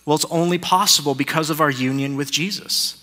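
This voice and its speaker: A man's voice: fairly high pitch, fairly quick, sharp tone. A man giving a sermon as pastor. He builds points through repetition and slips into casual, joking asides. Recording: long hall reverb.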